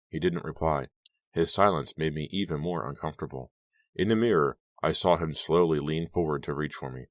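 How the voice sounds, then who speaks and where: Guy with a super deep voice reading a scary teen book, dry close mic. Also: normal speed, a bit bright, no room sound. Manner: tense first-person storytelling. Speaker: audiobook narrator. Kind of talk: scripted audiobook narration.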